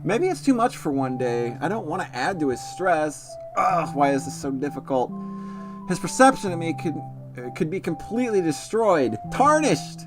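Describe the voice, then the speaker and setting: A man reading a visual novel aloud, voicing a gentle, anxious lover who narrates their own thoughts softly. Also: a little high, sing-song, normal speed. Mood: worried. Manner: soft, reflective first-person narration. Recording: music playing behind the voice.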